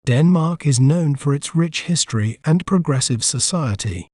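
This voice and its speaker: A man's voice: on the high side, lively intonation, darkish tone, dry recording, clean studio sound. A man narrating a scripted pronunciation lesson, sounding out a word syllable by syllable. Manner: slow syllable-by-syllable pronunciation drills. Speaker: pronunciation guide host.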